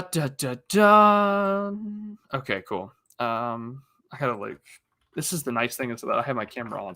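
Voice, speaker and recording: Man, livestream host, bright tone, dry close mic, rambling casual chat, lots of fillers. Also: medium pitch, creaky, no echo. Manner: rambling, frequent fillers and restarts, reads chat aloud.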